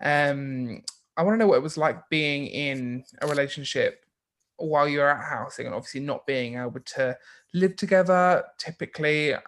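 A man hosting a podcast, asking questions in casual chat, upbeat and quick to laugh. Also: on the high side, fairly bright tone. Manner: upbeat, laughs often, fillers like "um". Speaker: podcast host.

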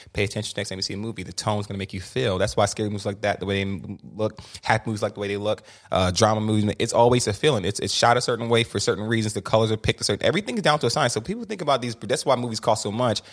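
A man chatting as a guest on a podcast, animated and opinionated, often restarting his sentences. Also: lowish voice, racing, few pauses. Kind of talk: casual podcast conversation.

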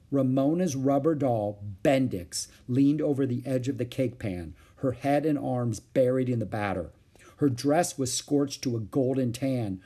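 A man reads a children's book aloud with expressive storytelling. His voice is slightly husky and his pitch moves a great deal, lively with each turn of the story. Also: moderate pace. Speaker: storybook reader.

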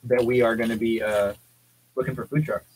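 Male radio host, relaxed studio banter. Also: mid-range voice, brisk, slight background noise, rough recording. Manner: easygoing, joking.

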